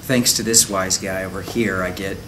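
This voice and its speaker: A man with a fairly low voice talks in a relaxed, laid-back way in a casual press interview. Heavy convention-hall noise runs underneath him. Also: normal speed. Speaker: actor interviewed at a press junket. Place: busy convention venue.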